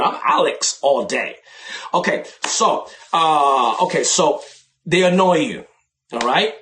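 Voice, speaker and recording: A man preaching a sermon in a lively, conversational way, dropping into slow, emphatic phrases. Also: high voice. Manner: animated, conversational preaching with sudden slowdowns for emphasis.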